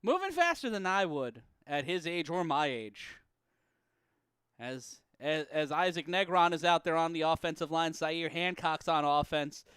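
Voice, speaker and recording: A man calling an amateur football game play-by-play, profane and prone to erupting into shouts and laughter on big plays. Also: on the high side, animated, unhurried, smooth, no room sound, studio quality. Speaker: play-by-play commentator. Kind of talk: sports commentary.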